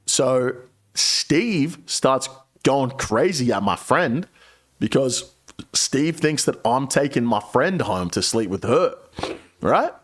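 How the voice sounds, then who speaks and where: A man's voice: medium pitch, lively intonation, slow pace. A male streamer telling a rambling, profane story to his viewers in a casual, chatty way.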